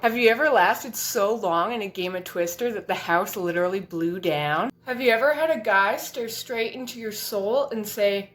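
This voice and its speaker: A young woman delivering a deadpan comedy monologue of absurd one-liners, recorded on a household item used as a mic. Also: mid-range voice, normal speed, echoey room.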